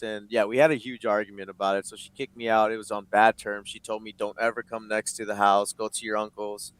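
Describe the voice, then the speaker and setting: A man's voice: lowish voice, a little fast, few pauses, clean tone, dry recording. A man in his late twenties, a guest in an interview, telling a painful personal story in a candid, emotional way, swearing freely and acting out the quoted dialogue. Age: late 20s.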